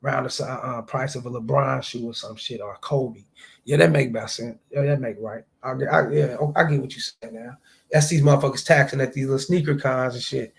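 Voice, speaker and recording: A man's voice: medium pitch, fairly even intonation, brisk, vocal fry, husky. A man around forty hosting a casual livestream, talking profanely and reading viewer chats aloud. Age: late 30s to early 40s. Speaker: livestream host.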